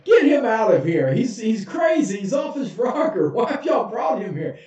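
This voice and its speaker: A man's voice: on the high side, animated, unhurried, mellow. A man mimicking an exasperated, mocking king, heard far off in an echoey room. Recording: echoey, dull, far from mic.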